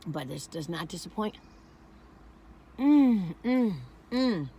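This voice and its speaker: A woman's voice: mid-range voice, big pitch swings, slow, warm tone, breathy edge. Chatty, emphatic northern woman vlogger. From northern United States. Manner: emphatic, chatty, rambling with laughs. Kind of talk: casual food review chat.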